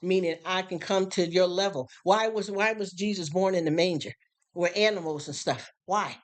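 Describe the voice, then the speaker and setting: A live-stream preacher in a loose, conversational street-style sermon, who keeps asking whether the listeners understand. The voice sits at a middling pitch. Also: normal speed. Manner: conversational, repeatedly checks in with listeners.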